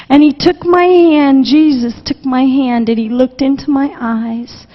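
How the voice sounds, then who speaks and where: A woman's voice: sits high, slow pace. A woman missionary preacher giving an emotional testimony sermon, passionate and repetitive, close to tears at times. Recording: dull recording with long hall reverb.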